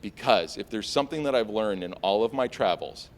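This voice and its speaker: An American man telling a story on stage before a live audience, animated and self-mocking, full of fillers and restarts. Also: fairly low pitch, brisk, slight background noise. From United States.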